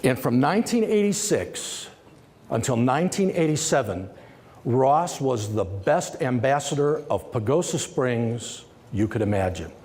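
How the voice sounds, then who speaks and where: A man telling a business story as a summit keynote speaker, conversational and lively, acting out the dialogue. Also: mid-range voice, unhurried. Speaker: company executive giving a summit presentation. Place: large conference hall. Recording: long hall reverb.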